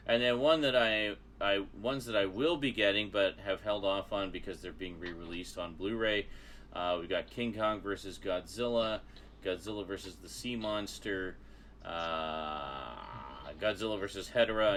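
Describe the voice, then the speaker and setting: A man co-hosting a casual geek chat stream, enthusiastic and quick to laugh. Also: low-pitched, a bit bright, a little hiss or hum. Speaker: co-host.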